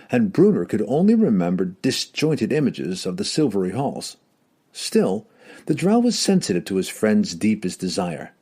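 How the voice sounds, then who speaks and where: Husky, expressive male audiobook narrator. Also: on the low side.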